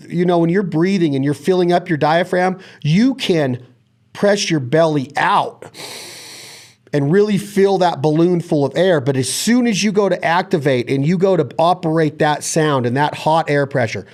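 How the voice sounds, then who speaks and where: Slightly high-voiced enthusiastic host. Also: male voice, moderate pace. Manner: energetic, detailed, lists body parts and steps. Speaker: podcast host. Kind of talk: casual instructional chat.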